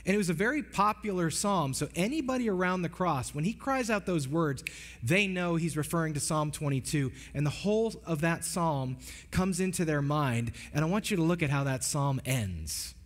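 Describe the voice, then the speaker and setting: A man's voice: fairly high pitch, expressive, moderate pace. Earnest male pastor in a reverberant hall. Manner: earnest, emphatic preaching with many restarts. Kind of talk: sermon. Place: church sanctuary.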